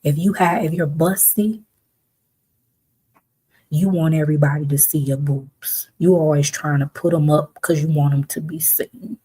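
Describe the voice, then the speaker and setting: A woman's voice: deep voice, steady tone, moderate pace, a little mellow, husky. A woman hosting a reflective talk, speaking emphatically and conversationally, sometimes acting out the voices of the people she quotes. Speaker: host.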